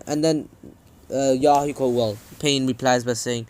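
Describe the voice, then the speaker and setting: A young man with an animated, slangy way of talking, casually narrating a fan story as a YouTuber on an earphone mic. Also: medium pitch, unhurried.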